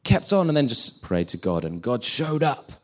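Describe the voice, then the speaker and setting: A man's voice: mid-range voice, big pitch swings, normal speed. A man giving an informal sermon, chatty and self-deprecating, acting out the scenes he retells.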